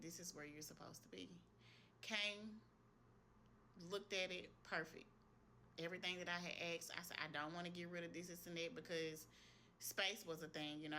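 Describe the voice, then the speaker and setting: A woman's voice: sits low, bright, forceful tone, a little hiss or hum. A woman, an esthetician, telling viewers a personal faith story in a casual, earnest testimony, speaking straight to them. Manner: earnest, retells what she heard in prayer.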